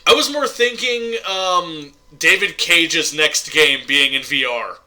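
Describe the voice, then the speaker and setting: A man's voice: on the high side, slow pace, pushed and bright, rough recording. A male host chatting casually on a podcast, talking loosely with lots of fillers and laughing often. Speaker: show host.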